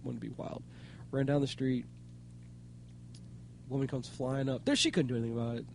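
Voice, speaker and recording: A man's voice: medium pitch, fairly even intonation, a little fast, gravelly, slight background noise. A man co-hosting a casual podcast chat, swearing freely and laughing while he tells stories. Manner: loud, swearing, laughing storyteller. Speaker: podcast co-host.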